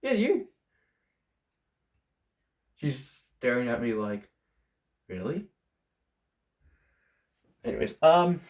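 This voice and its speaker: Young aussie guy chatting about his pet snake, slow, pitch bouncing all over. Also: darkish tone. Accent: Australian. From Australia. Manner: chatty, rambling, talks to his pets. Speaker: pet vlogger. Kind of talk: casual pet vlog.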